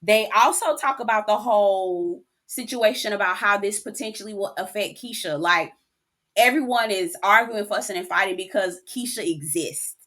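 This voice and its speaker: Woman, reality tv recap, chatty and expressive, talks like a girlfriend, mid pitch. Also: normal speed. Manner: chatty, expressive, keeps calling the viewer "girl"; emotional, near tears at moments. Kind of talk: casual recap commentary.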